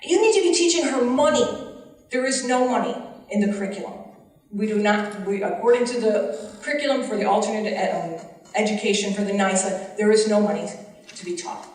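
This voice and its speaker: A woman's voice: mid-range voice, steady tone, fairly quick, darkish tone. A woman who teaches special education, giving earnest, impassioned public testimony at a legislative forum. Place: large hearing room. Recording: echoey hall from far off.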